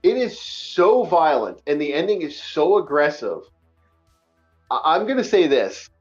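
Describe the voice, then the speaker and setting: A man hosting a casual online book-review chat, emphatic and animated, repeating himself often. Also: a little high, a little slow, slightly rough, highs cut off, soft background music. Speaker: podcast host.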